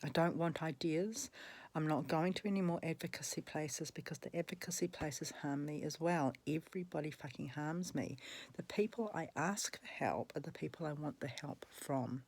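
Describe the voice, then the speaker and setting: A woman's voice: low-pitched, a bit bright. A woman, speaking in an angry, emphatic personal monologue, swearing and repeating herself for emphasis, with a cough at times. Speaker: vlogger.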